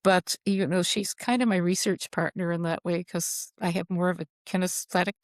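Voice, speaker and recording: A woman with a fairly low voice tells heartfelt stories in a casual interview, wandering from thought to thought and restarting sentences as she goes. The sound is dry and close, with no room around it. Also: fairly even intonation, dry recording. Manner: rambling, heartfelt, halting restarts. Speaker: author guest. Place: at home.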